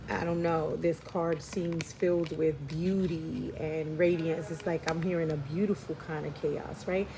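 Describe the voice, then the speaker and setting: A lowish-voiced tarot reader, a Spanish heritage speaker of Puerto Rican roots from the New York and Philadelphia region, works through the cards casually and spiritually. She reasons aloud, filling gaps and often asking "right?", over background noise.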